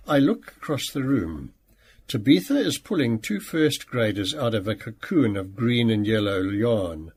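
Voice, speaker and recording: A man narrating a novel in the first person, animated and playful. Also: lowish voice, unhurried, husky. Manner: animated, acts out quoted speech. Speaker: audiobook narrator.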